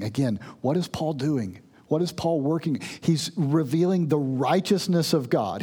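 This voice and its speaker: Mellow-voiced man preaching a sermon. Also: on the high side, breathy edge. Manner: earnest, emphatic preaching with verse readings. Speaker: pastor.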